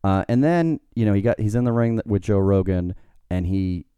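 A man's voice: on the low side, lively intonation, normal speed, dark tone, smooth, no room sound. A man co-hosting a podcast, chatting in a loose, joking, rambling way. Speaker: podcast co-host. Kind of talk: casual chat.

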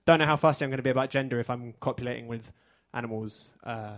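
A man with an English accent doing a stand-up set on a theater stage, with a dry, deadpan delivery. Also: medium pitch, fast. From England. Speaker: stand-up comedian.

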